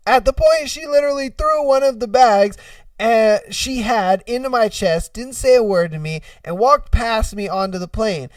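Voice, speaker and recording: A man's voice: sits high, sing-song, normal speed, dry recording, studio quality, far from the mic. A man hosting a casual podcast, reading posts aloud and riffing on them in a loose, profane way. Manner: loose, profane, laughs at his own retellings. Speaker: podcast host.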